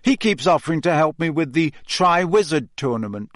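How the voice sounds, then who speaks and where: An earnest teenage boy wizard who answers plainly, as a male reader puts him on. His pitch rises a little above the reader's own. The storybook reading sounds dry and close. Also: expressive, normal speed, a bit bright, no room sound.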